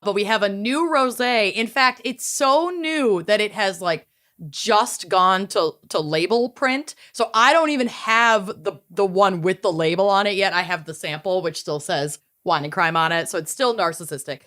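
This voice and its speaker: A woman's voice: medium pitch, moderate pace, fairly bright tone. A woman co-hosting a podcast, bubbly and exclamatory, laughing often. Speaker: podcast co-host. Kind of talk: casual chat.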